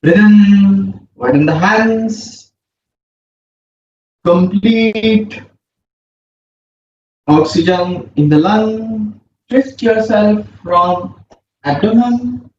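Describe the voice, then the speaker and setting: A man leads a yoga session, pacing each breathing cue very slowly. His voice sits high for a man and comes from some distance off the mic. The sound is roomy and a little muffled, with a faint hum underneath. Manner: slow, calm breathing cues. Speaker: yoga instructor. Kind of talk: guided yoga instruction.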